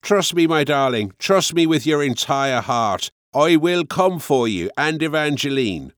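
A man's voice: fairly high pitch, lively intonation, unhurried, fairly bright tone, no echo, studio quality, pitched above the performer's own voice. A man voicing an earnest, passionate father in a storybook reading, speaking in a raised, urgent, insistent way.

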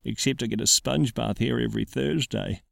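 A man's voice: medium pitch, normal speed, gravelly, dry recording, clean studio sound. A man voicing a cheerful, rambling old man living in a retirement home. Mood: chatty.

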